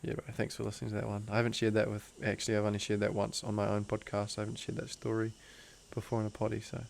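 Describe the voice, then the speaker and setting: This is a man with a low, gravelly voice. He tells a personal story in easygoing slang. His delivery stays flat and earnest, and it often drops to a soft hush. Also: racing. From Australia. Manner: laid-back slang, calls the host bro; earnest and emotional, drifts into soft hushed tones. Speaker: guest, breathwork teacher.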